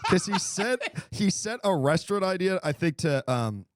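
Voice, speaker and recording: A man's voice: high-pitched, lively intonation, moderate pace, background noise. A man hosting a casual call-in show, rambling and laughing often. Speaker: host.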